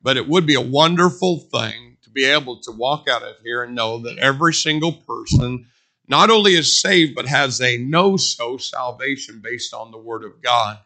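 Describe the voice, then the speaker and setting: A man's voice: mid-range voice, normal speed, sharp tone. A man preaching a sermon in a conversational, storytelling way, stressing points by repeating them. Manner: conversational storytelling with emphatic repetition.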